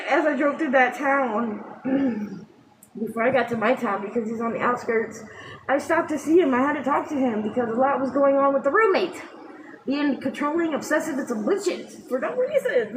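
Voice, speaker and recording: Vlogger, female, high voice, rambling and profane, noisy background. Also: echoey room. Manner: rambling, swears freely, laughs through tears. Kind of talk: emotional personal storytelling.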